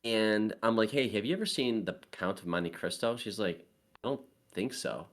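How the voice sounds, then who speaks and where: A man in his forties hosting a podcast, animated, joking and opinionated in casual chat. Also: on the low side, moderate pace. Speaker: podcast host.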